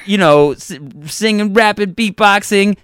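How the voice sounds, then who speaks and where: A man's voice: high-pitched, unhurried, a bit bright, smooth, no echo. A man, a comedian guest in a radio studio, joking playfully and breaking into song. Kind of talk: casual radio banter with singing and beatboxing.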